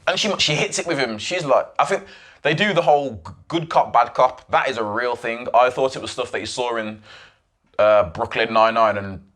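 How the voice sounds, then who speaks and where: A medium-pitched man speaks at normal speed as a podcast host, casually retelling a documentary. He's animated and swears, acting out the voices he quotes.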